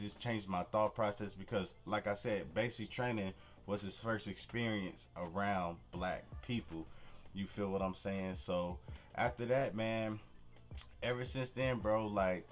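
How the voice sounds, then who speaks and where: A young man casually telling a personal story to camera, full of slang and "you feel me" asides, with faint music behind. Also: fairly low pitch. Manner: relaxed street slang, frequent "you feel me". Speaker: vlogger.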